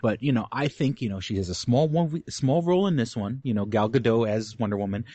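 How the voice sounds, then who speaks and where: A man's voice: mid-range voice, a little fast, mellow, dry recording. A man co-hosting a podcast in casual chat, rambling, chuckling often, and filling his talk with "you know". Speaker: podcast co-host.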